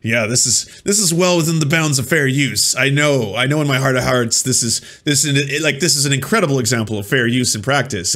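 A man's voice: mid-range voice, a bit bright. A man hosting a casual reaction commentary, sarcastic and rambling, often repeating and restarting his words. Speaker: host.

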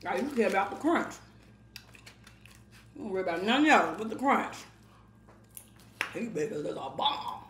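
A mukbang channel host eats while chatting casually, her medium-pitched, slightly bright voice swinging widely in pitch at normal speed with frequent pauses. She's bossy and teasing, scolding bluntly with some cursing. The recording has a roomy echo and noticeable background noise.

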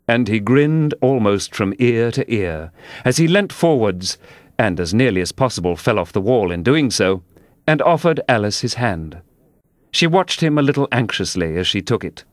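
A man reading a storybook aloud in a calm, measured narrating voice. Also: fairly low pitch, dry recording, clean studio sound.

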